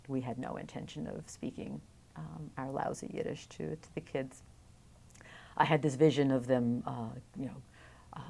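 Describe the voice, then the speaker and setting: Middle-aged woman, low voice, wry reflective storyteller, oral history interviewee. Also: a little mellow.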